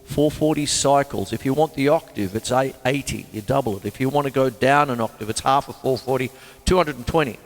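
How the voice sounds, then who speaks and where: A man hosting a drum show, teaching in a casual, chatty way and counting beats out loud. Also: medium pitch, quick pace. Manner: animated, counts beats aloud in rhythm. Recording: long reverb with drum music behind.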